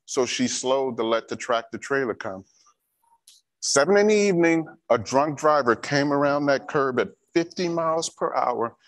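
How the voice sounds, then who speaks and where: A man giving a church safety training talk, repeating key instructions and telling a personal story. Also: on the high side.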